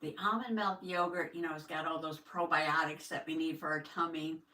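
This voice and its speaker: An older woman chats casually on a live stream, greeting viewers with a folksy "howdy" and laughing often. Her voice is bright and forward. She sits back from the mic in an echoey room. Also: low voice, fairly even intonation, moderate pace, recorded from a distance. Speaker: host of a live journaling stream.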